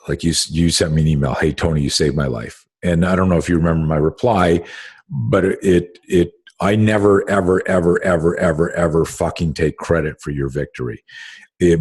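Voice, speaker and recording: Man, podcast host, very low voice, husky, emphatic, swears freely, keeps restarting sentences. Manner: emphatic and profane, with frequent restarts. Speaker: host and self-defense instructor. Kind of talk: casual podcast conversation.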